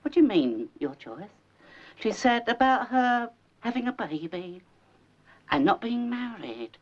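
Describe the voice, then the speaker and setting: The performer speaks in a mid-range voice that swings widely in pitch, a little slow, as a nagging elderly mother posing as a psychic in a 1970s comedy film. She is fussy, gossipy, overbearing and theatrical, rambling on. Audio comes from a dull old soundtrack with a faint hiss.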